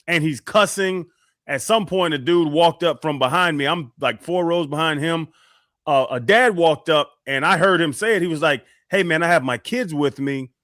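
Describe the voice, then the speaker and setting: Animated male radio storyteller. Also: on the high side, normal speed, dry recording, clean studio sound. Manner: animated storyteller, acts out quotes. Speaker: radio show co-host. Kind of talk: casual storytelling on sports radio.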